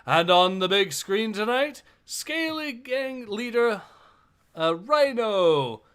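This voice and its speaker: A man voicing a brash male arena announcer with a loud, drawn-out hype delivery. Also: sits high, animated, smooth, pitched above the performer's own voice, exaggerated voice. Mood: hyped.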